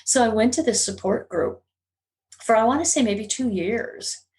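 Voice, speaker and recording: A woman's voice: on the high side, lively intonation, moderate pace, darkish tone. A middle-aged woman, a guest on an interview podcast, telling a personal story in an earnest, confessional way that is at times emotional. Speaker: guest, psychic medium.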